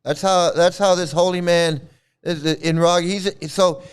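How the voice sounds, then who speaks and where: A man delivering angry vlog commentary in a fairly high voice, heated and full of profanity. His tone is smooth and clear, and he keeps circling back to the same insults. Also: fairly even intonation, a little slow. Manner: heated, profane, repetitive ranting. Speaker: channel host.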